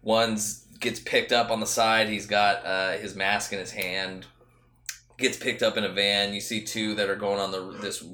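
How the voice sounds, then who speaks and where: A man with a low, bright and forceful voice, rambling casually through a movie discussion. He swears and restarts his sentences as he talks. The room around him sounds echoey. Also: flat delivery, measured pace. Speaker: podcast co-host. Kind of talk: casual chat.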